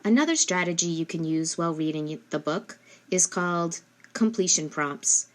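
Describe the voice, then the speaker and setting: A woman giving instructional narration as a speech therapist, speaking slowly and carefully and modeling questions for a child. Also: on the low side, animated. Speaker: speech-language pathologist.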